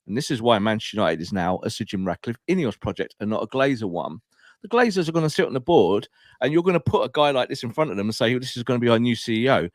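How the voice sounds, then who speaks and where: A man's voice: mid-range voice, no room sound, studio quality. A man co-hosting a casual football podcast, ranting with opinions and laughing as he talks. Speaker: podcast co-host.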